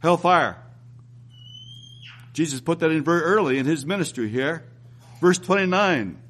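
A man preaching a sermon, reading scripture aloud and repeating phrases, rising and slowing down to drive points home. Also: a little high, animated, a bit bright. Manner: reads scripture aloud, rises and slows for emphasis.

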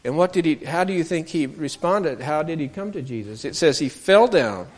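A man with a fairly high voice tells a Bible story to a group of children. He keeps stopping to ask them questions and acts out the voices of the people in the story. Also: animated, normal speed, a little mellow.

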